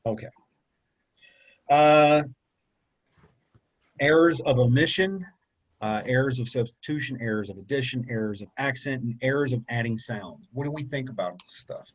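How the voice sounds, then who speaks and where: Husky-voiced man lecturing casually. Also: mid-range voice, moderate pace, long pauses, poor audio. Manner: conversational, repeats points, asks okay and right. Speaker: college public speaking instructor.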